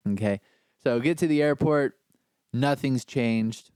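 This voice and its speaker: A man telling a story as a podcast guest, animated and slangy, swearing freely. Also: mid-range voice, unhurried, clear, resonant tone, no room sound. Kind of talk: casual storytelling.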